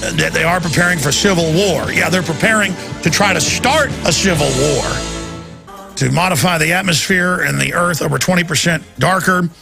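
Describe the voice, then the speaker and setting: Brief: gravelly male talk radio host, forceful, intense and ranting, on a studio mic. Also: fairly high pitch, moderate pace, soft background music. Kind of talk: impassioned talk radio monologue.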